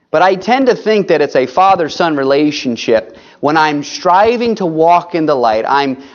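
Earnest preacher, dull lo-fi sound. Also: male voice, fairly high pitch. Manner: earnest, pleading, addresses listeners as folks. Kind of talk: sermon.

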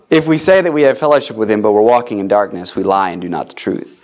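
Earnest preacher, dull lo-fi sound. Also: male voice, on the high side, steady tone, fast talker, darkish tone. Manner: earnest, pleading, addresses listeners as folks. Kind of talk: sermon.

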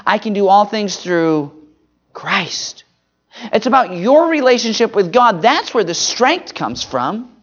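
An earnest preacher delivering a sermon, voice climbing high and then sinking to a soft, low hush. Scripture is quoted slowly, word by word. The recording is dull and lo-fi. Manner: earnest, swings between emphatic rises and soft low drops; quotes scripture slowly with stress on single words. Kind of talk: Mother's Day sermon with prayer.

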